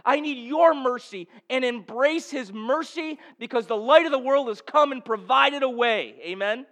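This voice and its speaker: High-voiced impassioned male preacher. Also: moderate pace. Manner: impassioned, building to shouts then dropping to hushed storytelling. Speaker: pastor. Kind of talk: sermon.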